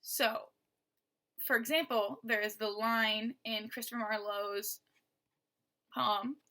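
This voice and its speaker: A woman's voice: a little high, fairly even intonation, slow pace, pushed and bright. A woman teaching a lesson on poetic rhythm, patiently explaining and sounding out stressed and unstressed beats.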